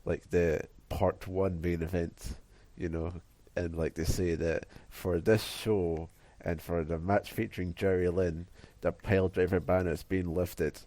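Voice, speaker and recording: A man's voice: sits low, level tone, a little slow, hardly any pauses, dark tone, no echo. A man co-hosting a podcast, casually recapping with frequent laughs and swearing. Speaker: podcast co-host. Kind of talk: casual chat.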